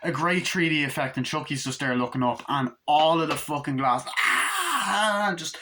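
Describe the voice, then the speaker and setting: A man in his twenties recapping a horror film in a casual, excitable, rambling way, swearing freely. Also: a little high, a little fast, background noise. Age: 20s. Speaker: movie reviewer.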